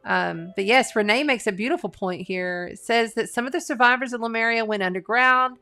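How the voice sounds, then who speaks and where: A woman's voice: a little high, fairly quick, pushed and bright, faint music behind. A middle-aged woman, an astrologer and tarot reader, chatting casually on a live stream, earnest and talkative with lots of fillers and restarts. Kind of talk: casual live-stream chat reading viewer comments.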